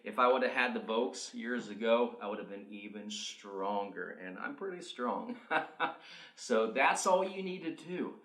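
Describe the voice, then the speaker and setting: Energetic male vocal coach, roomy sound. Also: lowish voice, a little slow. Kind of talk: instructional video demonstration. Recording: roomy echo.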